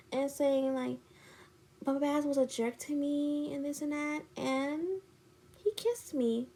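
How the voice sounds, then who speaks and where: Woman doing two-faced friend, fake-sweet, high soft voice, slow sing-song. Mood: confiding.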